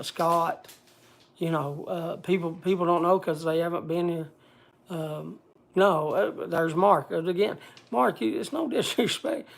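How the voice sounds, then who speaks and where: A man speaking bluntly to a group in casual talk, halting often and restarting his sentences. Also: a little high, gravelly. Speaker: speaker addressing a group gathering.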